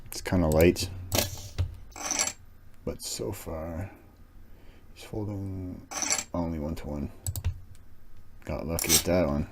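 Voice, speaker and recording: A man's voice: low-pitched, slow, long pauses, heavy background noise. A man streaming an online poker session, thinking aloud about hands and muttering analysis to himself. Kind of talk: casual thinking aloud while playing. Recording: loud keyboard clicks and typing.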